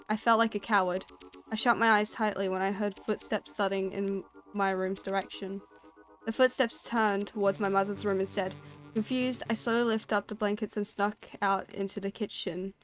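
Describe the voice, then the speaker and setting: Female streamer, storytelling read with a chatty, self-conscious manner; faint music under her. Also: mid-range voice. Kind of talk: reading a spooky story aloud.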